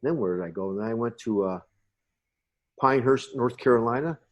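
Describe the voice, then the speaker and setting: Speaking a little fast at medium pitch, a podcast guest in his sixties from the United States wanders through long recollections of his past. The setting is a casual interview, and he comes across as a rambling storyteller.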